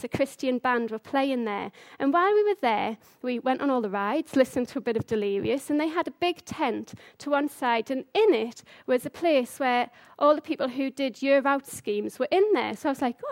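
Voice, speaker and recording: Chatty woman preaching, high voice. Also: no echo. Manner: chatty, enthusiastic storyteller. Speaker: speaker giving a church talk. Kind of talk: sermon with personal story.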